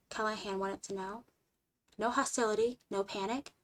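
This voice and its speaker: A woman streamer reading a short story aloud in an expressive way, moving between lively and hushed delivery. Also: fairly high pitch, moderate pace.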